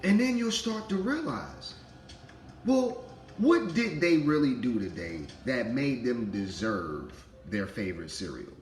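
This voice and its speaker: Man, 30s; lively preachy spiritual talk, echoey room, faint music underneath. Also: mid-range voice, a little slow. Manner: animated, preachy, laughs while talking, acts out voices. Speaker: spiritual vlogger, father. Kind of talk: casual spiritual monologue.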